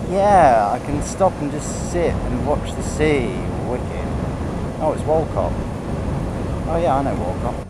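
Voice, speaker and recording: A man's voice: mid-range voice, lively intonation, a little slow. Guy riding and joking to himself, regular voice, engine and road noise all over it. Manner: chatty, jokey, talking to himself. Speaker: motorcycle vlogger. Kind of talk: casual running commentary while riding. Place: outdoors on a motorbike on country roads.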